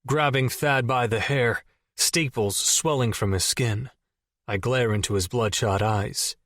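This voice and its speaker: A man narrating a romance audiobook in the first person, low and gruff. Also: measured pace, a bit bright, no room sound, clean studio sound.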